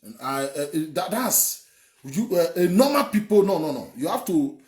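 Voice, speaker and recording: A man's voice: sits high, very animated, moderate pace, darkish tone. Fired-up Nigerian man, echoey room. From Edo State, Nigeria. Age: young adult. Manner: emphatic, rambling, repeats words, swears. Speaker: online commentator. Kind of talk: heated political commentary.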